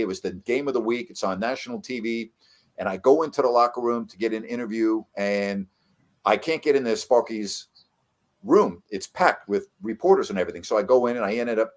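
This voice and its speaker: A middle-aged man, a veteran sports broadcaster, telling stories in a casual chat with lively jumps in his voice for emphasis. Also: fairly low pitch. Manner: animated storyteller, voice jumps up for emphasis.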